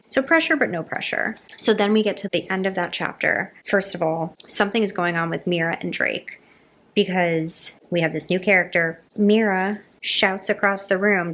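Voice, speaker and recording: A young woman vlogging about a book she is reading, gushing and animated as she acts out characters' lines in a casual chat. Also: lowish voice, normal speed.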